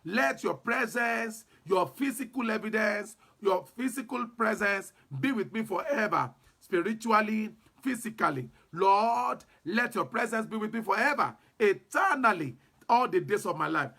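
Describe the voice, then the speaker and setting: A man's voice: high-pitched, expressive, measured pace, vocal fry, pushed and bright. A man preaching a fervent sermon and leading prayer, repeating declarations and breaking into tongues. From Nigeria. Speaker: apostle and preacher.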